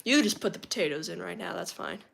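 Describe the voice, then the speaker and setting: A woman's voice: on the low side, lively intonation, quick pace, gravelly, fairly bright tone, no echo. Chatty woman streaming from her phone. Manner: chatty, laughs often, answers chat aloud. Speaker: livestream host. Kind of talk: casual livestream chat with viewers. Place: at home.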